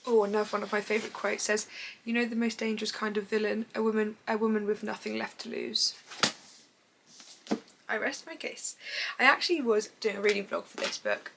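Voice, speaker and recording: Chatty young woman with vocal fry. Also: mid-range voice, fairly bright tone, a little hiss or hum, low-quality recording. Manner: chatty and rambling, full of fillers like "basically"; gushing and enthusiastic. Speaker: book vlogger. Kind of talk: casual book review chat.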